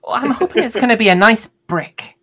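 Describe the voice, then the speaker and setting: A woman's voice: a little high, animated, brisk, a bit bright. A woman co-hosting a podcast in casual chat, playful and enthusiastic. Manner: playful, enthusiastic, laughs easily. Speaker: podcast co-host.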